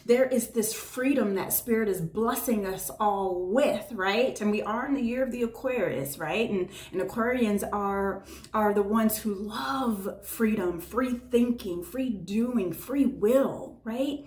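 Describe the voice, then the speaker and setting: Woman, tarot reader, effusive and emotive, slightly high voice, echoey room. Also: darkish tone. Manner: effusive, emotive, frequent "right?" asides. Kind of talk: tarot reading monologue.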